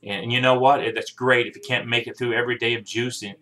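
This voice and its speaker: A man in his forties speaks straight to the camera from his home in a personal video message. He is earnest and heartfelt and urges the people he loves to take care of themselves. His voice sits at an ordinary middle pitch. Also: flat delivery, quick pace, sharp tone. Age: 40s. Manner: earnest, heartfelt, pleading with loved ones. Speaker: vlogger sharing a diet journey.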